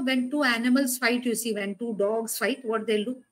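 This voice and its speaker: A woman delivers a sermon in a loose, conversational way. Her voice sits a little high, and she leans on rhetorical questions and repeated words to drive her points home. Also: fairly even intonation, normal speed, hardly any pauses, rough recording. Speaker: preacher.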